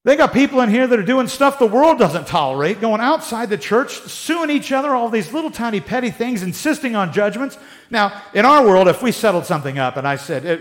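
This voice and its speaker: A man teaching the Bible in a casual, conversational way, joking and acting out the people he talks about. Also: high voice. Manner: animated, joking, acts out quotes in voices.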